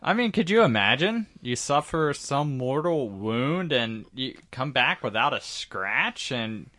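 Male podcast co-host, relaxed and reflective, thinks aloud with hesitations. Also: mid-range voice, measured pace. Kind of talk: casual chat.

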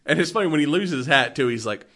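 A man's voice: a little high, lively intonation, quick pace, fairly bright tone. A man recapping a movie in a loose, rambling way, full of fillers. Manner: rambling, filler-heavy storytelling. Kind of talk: casual movie recap chat.

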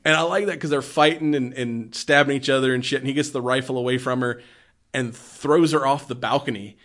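A man talks through a film scene by scene in loose, rambling chat at an ordinary middle pitch. He swears freely and laughs often as he goes. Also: steady tone, a little fast, a bit bright. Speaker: podcast co-host. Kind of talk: casual chat.

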